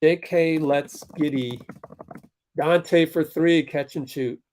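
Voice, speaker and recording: A man hosting a fan livestream, calling the game live and ranting back at viewers in chat, swinging between fired-up outbursts and low muttered play-by-play. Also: steady tone, slow pace, a little mellow, a little hiss or hum. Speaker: livestream host.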